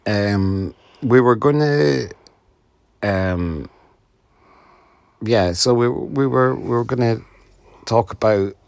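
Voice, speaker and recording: A middle-aged man, a father co-hosting a casual family podcast, joking in a deadpan way and hesitating with many ums. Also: mid-range voice, slow, creaky, long pauses, no echo. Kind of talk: casual chat. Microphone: podcast microphone at a mixer desk.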